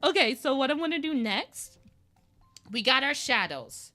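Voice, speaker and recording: Her voice sits high, animated and unhurried, with a pushed, bright quality. She's live-streaming a digital drawing, chatting casually and playfully rambling to herself about what she does at each step.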